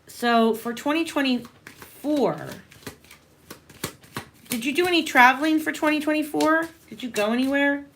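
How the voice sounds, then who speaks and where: A woman with a slightly high voice hosts a live tarot stream, chatting warmly and casually with viewers. She calls them honey as she talks through the cards. A faint background noise sits under her voice. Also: expressive, unhurried, pauses often. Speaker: tarot reader and livestream host.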